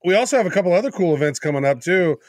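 A man's voice: high voice, animated, rapid-fire, no echo, studio quality. A man guesting on a casual podcast, teasing and rambling as he talks. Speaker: podcast co-host. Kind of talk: casual interview chat.

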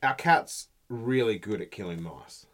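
A man's voice: fairly low pitch, expressive, a little slow, fairly bright tone. A middle-aged man, co-hosting a podcast, telling stories in a laid-back, chatty way and swearing freely. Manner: laid-back storytelling, swearing, frequent laughs. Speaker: podcast co-host. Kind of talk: casual chat.

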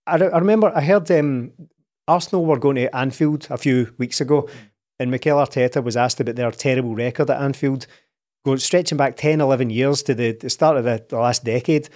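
A man's voice: mid-range voice, fairly quick, a little mellow. A Scottish man co-hosting a football podcast, telling anecdotes in an incredulous, chatty way. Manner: storytelling, incredulous. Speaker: podcast co-host. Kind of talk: casual chat.

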